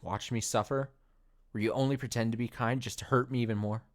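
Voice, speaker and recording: A man's voice: mid-range voice, steady tone, a little fast, voice pushed up, natural voice. Heartbroken game girl, as a man reads her lines. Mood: pleading. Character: heartbroken young woman, a game character. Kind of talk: reading game dialogue aloud.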